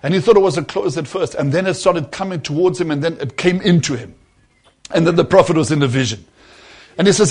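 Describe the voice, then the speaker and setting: A man preaching a sermon, telling a story and calling his listeners friends, dropping to a hush and rising to emphasis by turns. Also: on the high side, fairly quick, breathy edge. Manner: swings between hushed and emphatic, addresses listeners as friends.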